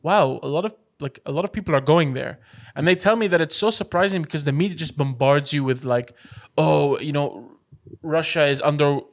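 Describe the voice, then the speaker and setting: Teasing, higher-voiced podcast co-host man. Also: a little fast, hardly any pauses. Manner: teasing, chatty, rambling with restarts. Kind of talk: casual chat.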